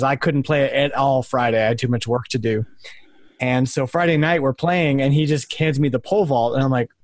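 Relaxed mid-pitched male co-host. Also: dry recording, studio quality. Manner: relaxed, hesitant with fillers. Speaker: podcast co-host. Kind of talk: casual chat.

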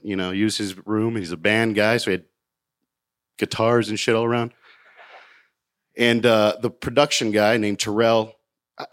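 A comedian from Florida telling a personal story, rambling, self-mocking and profane, with halting restarts. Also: male voice, medium pitch, fairly bright tone. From Hollywood, Florida, USA.

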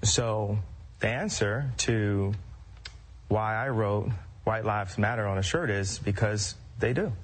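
A man answering interview questions in a measured way, explaining his reasons, in a clip heard from a distance. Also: fairly low pitch. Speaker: interview guest.

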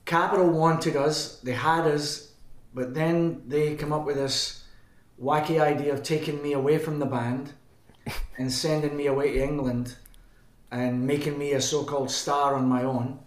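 A man's voice: fairly high pitch, steady tone, normal speed. A man with a Scottish accent, a band frontman as a guest, telling long rambling anecdotes and correcting himself as he goes. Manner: rambling, self-correcting, chuckling. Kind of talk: anecdotal storytelling. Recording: roomy echo.

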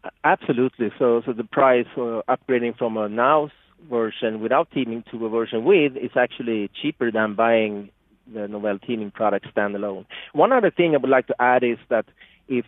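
A man's voice: medium pitch, moderate pace, no room sound. A man with a Swedish accent, a product marketing guest, explaining earnestly with many restarts and fillers. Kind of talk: explanatory interview answers. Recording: tinny phone-like line, dry.

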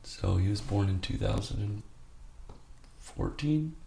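A man's voice: on the low side, animated, measured pace, creaky, warm tone, slight background noise. A man speaking as an interview guest, telling a candid personal story in a rambling, heartfelt way full of fillers.

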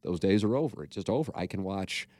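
Low-voiced man chatting candidly on a podcast. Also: expressive, quick pace, warm tone, no room sound, clean studio sound. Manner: rambling, candid, swears freely. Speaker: podcast co-host. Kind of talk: casual podcast chat.

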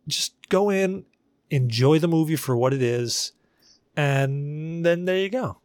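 A man's voice: a little high, normal speed, dry recording, clean studio sound. A man co-hosting a podcast, chatting casually and telling stories with jokey banter. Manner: rambling, animated storytelling with jokey banter. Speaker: podcast co-host. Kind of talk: casual chat.

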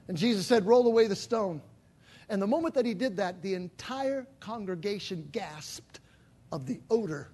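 High husky preacher man, fiery. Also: animated, moderate pace. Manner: dramatic preaching, swinging from shouts to near whispers. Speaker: pastor. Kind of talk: sermon. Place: church sanctuary.

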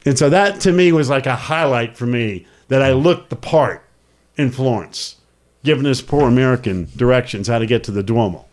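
A middle-aged man co-hosting a show, telling a travel story in a casual, animated way. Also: medium pitch, normal speed. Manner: animated storyteller who acts out the people in his story. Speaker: radio co-host.

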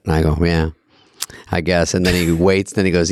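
A man's voice: low voice, moderate pace, smooth, no echo, studio quality. A man hosting a casual talk, playful and laughing often as he tells stories. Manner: playful, laughs often, quotes others in a flat voice. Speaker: podcast host. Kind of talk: casual chat.

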